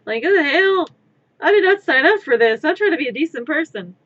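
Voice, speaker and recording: A woman's voice: sits high, animated, fairly quick, lo-fi sound. A woman streamer chatting casually while she crafts, rambling, wry and blunt, swearing now and then. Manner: rambling, wry, swears freely, swings to loud exclamations.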